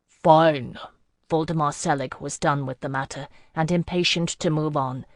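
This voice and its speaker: A woman reading a fantasy audiobook in measured first-person narration. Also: low voice, fairly even intonation, no room sound, studio quality. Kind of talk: scripted narration.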